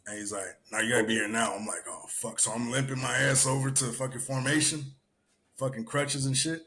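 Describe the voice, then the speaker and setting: A young man hosting a podcast, telling stories in a profane, animated way. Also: mid-range voice, brisk. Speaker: podcast host. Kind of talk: casual chat.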